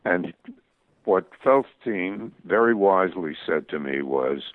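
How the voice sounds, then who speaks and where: An older man, a guest cartoonist, telling stories in an interview in a halting way full of restarts. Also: low-pitched, lively intonation, dry recording. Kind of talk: interview storytelling. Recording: tinny phone-like radio audio.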